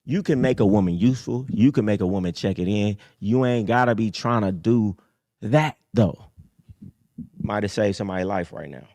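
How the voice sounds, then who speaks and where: A man hosting a live call-in show, talking casually in a streetwise, preachy way that swings from low mutters up to high emphatic bursts. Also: moderate pace, mellow, no room sound. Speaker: host. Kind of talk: casual livestream talk.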